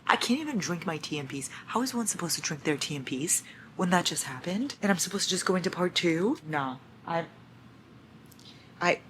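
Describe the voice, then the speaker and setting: Young woman, book vlogger, casual chat, lowish voice, dramatic reactions, faint room ambience. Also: fairly quick, a bit bright, a little hiss or hum. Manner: chatty, swearing, dramatic reactions. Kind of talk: casual reading vlog. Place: home at night.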